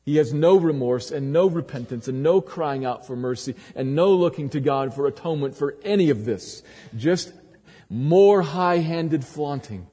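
Male pastor, dramatic sermon delivery, husky mellow voice, church with long reverb. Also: lively intonation, normal speed. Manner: dramatic preaching with sharp swings from loud emphasis to low, quiet lines.

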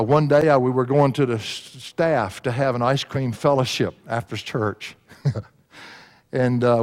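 A man preaching a sermon, folksy and laughing at his own stories. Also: mid-range voice. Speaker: pastor. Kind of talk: sermon with storytelling. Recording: long hall reverb.

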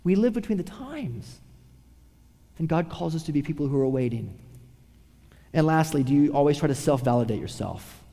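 A man preaching a sermon, swinging from a raised voice to hushed, quiet tones. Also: fairly high pitch, animated, moderate pace, gravelly, long pauses, big-room sound. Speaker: pastor.

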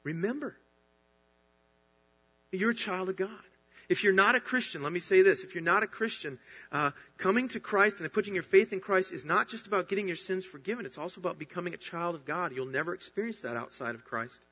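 High-voiced and brisk with a breathy edge, a male pastor gives an earnest, emphatic sermon marked by rising bursts of excitement. The audio sounds dull, with a long hall reverb.

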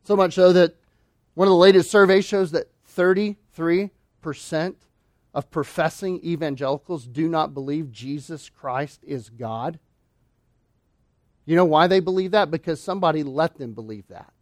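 A man preaching a sermon, emphatic, asking rhetorical questions and swinging between loud declarations and hushed asides. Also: on the high side, normal speed, no echo, clean studio sound. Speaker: pastor.

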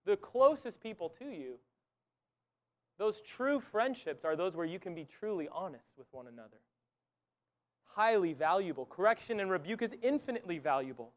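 A man's voice: high-pitched, big pitch swings, moderate pace. A man preaching a sermon in an earnest, conversational way, often restarting his phrases. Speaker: pastor.

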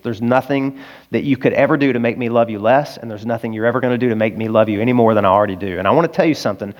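A male pastor with an Arkansas accent, preaching a sermon in an earnest, confessional storytelling manner that rises to loud, emphatic peaks. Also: medium pitch, racing, muffled recording.

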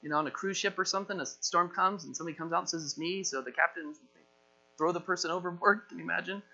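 A pastor preaching with an animated delivery, slipping into the voices of the people in his story. His voice sits high and bright. The recording sounds a little dull and lo-fi. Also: quick pace. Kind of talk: sermon.

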